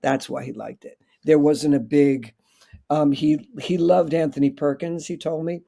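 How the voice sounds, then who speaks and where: A man's voice: a little high, steady tone, measured pace, creaky, warm tone. A man chatting as a guest on a streamed show, answering in a dry, understated way with short replies. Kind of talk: casual interview chat.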